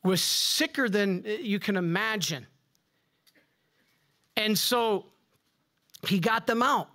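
A man preaching as a Catholic priest, delivering a rousing sermon with emphatic rises on key words and quick asides to the congregation. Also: high-pitched, pushed and bright.

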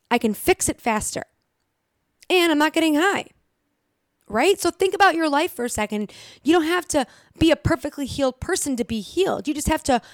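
In a dry, studio-quality recording, a young recovery vlogger with a high voice talks bluntly to camera to motivate her viewers. Swearing comes often, and she repeats phrases to drive points home.

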